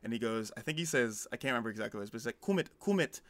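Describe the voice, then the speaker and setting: A young man co-hosting a podcast, telling an animated story in casual chat with lots of fillers. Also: fairly low pitch, racing, no echo. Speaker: podcast co-host.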